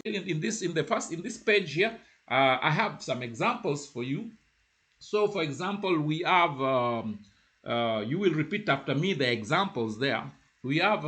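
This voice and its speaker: A man gives a beginner French lesson in a slightly higher voice than most men. He speaks haltingly and repeats himself often. He slows right down when he models a phrase for the listener to say back. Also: a bit bright. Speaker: French teacher. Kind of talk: informal spoken lesson.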